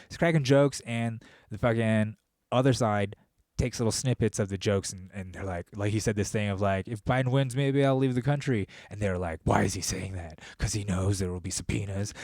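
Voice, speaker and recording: A man with a lowish voice delivers a loose, rambling podcast monologue, full of swearing and quick shifts into animated storytelling. The sound is close and dry, with no room around it. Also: no room sound. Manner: profane, rambling, animated storytelling with laughs and impressions. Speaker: podcast host. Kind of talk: casual monologue.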